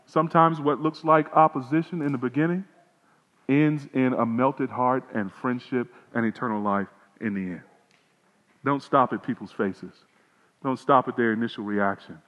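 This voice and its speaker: A male pastor delivering a sermon, moving between loud proclamation and quiet pleading. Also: medium pitch. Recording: lo-fi with long reverb, hall.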